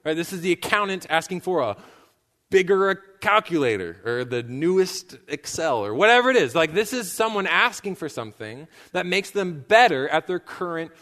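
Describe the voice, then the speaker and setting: Casual preacher in a reverberant church. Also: male voice, fairly high pitch, big pitch swings, moderate pace, pushed and bright. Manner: casual storytelling, acting out quoted characters. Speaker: pastor. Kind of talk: sermon. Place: church sanctuary.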